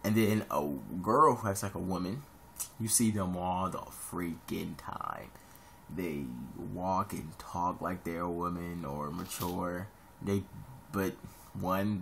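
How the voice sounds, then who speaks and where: A young man from Ohio talks to his camera in a low, gravelly voice. He rambles through casual advice, jumping suddenly up high for emphasis. A faint hiss sits under the home recording. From Columbus, Ohio. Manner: rambling, animated, sudden high-pitched jumps. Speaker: vlogger giving advice.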